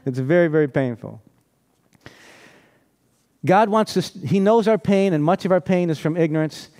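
Guy preaching a sermon, kinda high voice, telling stories and tossing out questions to the crowd. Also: lively intonation, normal speed, a little mellow. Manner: conversational storytelling, frequent rhetorical questions, laughs often.

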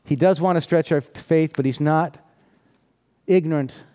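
A man's voice: fairly high pitch, a little slow, mellow. A man preaching a sermon in a conversational, storytelling way, often asking rhetorical questions and laughing.

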